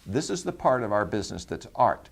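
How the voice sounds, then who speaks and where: Deep-voiced man in easy conversation. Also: big pitch swings, brisk, creaky, husky. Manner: conversational, with fillers and restarts; slips into a stiff announcer cadence to demonstrate. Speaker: voice agency director. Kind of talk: promotional talk to camera.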